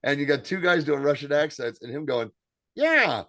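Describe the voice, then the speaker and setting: Man, 50s, podcast co-host, casual chat, animated, profane. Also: fairly high pitch, fairly quick, no room sound, clean studio sound.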